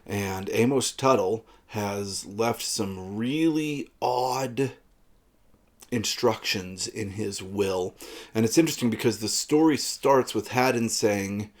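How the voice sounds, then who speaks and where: A man's voice: lowish voice, slow. A man giving a casual, rambling book talk with frequent fillers. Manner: relaxed, rambling with frequent uhs. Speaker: book reviewer.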